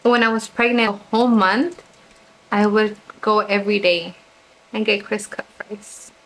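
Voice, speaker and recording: A woman's voice: medium pitch, fairly even intonation, normal speed, a bit bright, rough recording. A young woman vlogger chatting casually through a personal storytime while getting ready, quoting others in her own voice.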